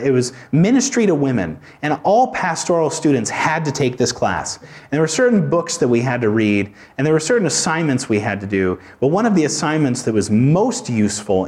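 Male pastor, expressive sermon delivery, conversational, mid-pitched voice. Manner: conversational preaching with informal asides. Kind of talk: expository sermon.

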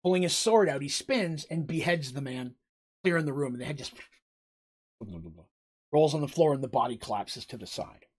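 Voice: medium pitch, animated, a little fast, slightly rough. A game master improvising the narration of a tabletop fight, describing each blow vividly and often restarting a phrase mid-sentence. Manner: vivid, blow-by-blow combat storytelling with frequent restarts.

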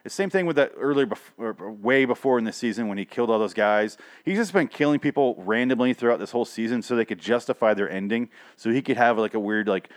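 A man's voice: mid-range voice, lively intonation, brisk. Rambling, profane man reviewing a TV show. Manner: rambling, profane, self-interrupting. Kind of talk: casual solo review chat.

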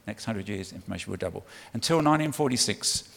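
A man preaching to his church, his voice low and gravelly. He talks in a punchy, conversational way and coaxes the congregation to call back to him. His words ring out with the long reverb of a big hall. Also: animated, fast, fairly bright tone. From United Kingdom. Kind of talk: sermon.

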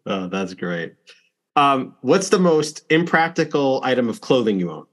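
A man hosting a podcast, briskly asking light casual questions. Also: mid-range voice, big pitch swings, fairly bright tone. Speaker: podcast host.

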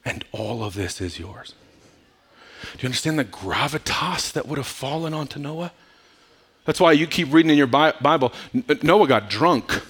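Pastor, male, animated sermon delivery, bright lively voice, shifts from shouting to near-whispers. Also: medium pitch, normal speed, breathy edge.

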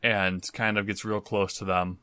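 Brief: male tabletop player, goofy, lowish bright voice, dry close sound. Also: little pitch movement, normal speed, clear, resonant tone, no room sound. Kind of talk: tabletop role-play.

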